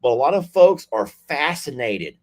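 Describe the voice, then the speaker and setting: A man hosting a livestream, chatting warmly with callers in a folksy, effusive way. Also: medium pitch, big pitch swings, normal speed. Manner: folksy, effusive, lots of y'all and sweetie. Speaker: livestream host. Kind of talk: casual chat with callers.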